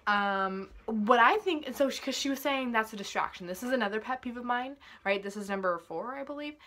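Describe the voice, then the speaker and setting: Young woman, vlogger, bright tense voice, fairly high, swearing rant to camera. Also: brisk, a little hiss or hum. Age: young adult. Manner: profane, exasperated, rising to loud outbursts.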